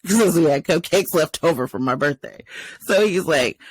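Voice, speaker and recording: A podcast co-host speaks in a low, brisk voice, recorded on a podcast mic. In this casual storytelling chat she animatedly recounts something from work, laughing and performing her colleagues' lines.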